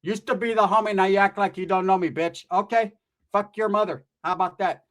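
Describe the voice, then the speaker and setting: A man voicing a brash, sassy middle-aged aunt who talks loud and bossy. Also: high voice, steady tone, fairly quick, pitched above the performer's own voice.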